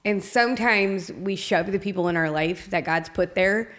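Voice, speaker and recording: A woman co-hosting a casual faith podcast, chiming in often with quick agreement. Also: medium pitch, fairly bright tone. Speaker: podcast co-host.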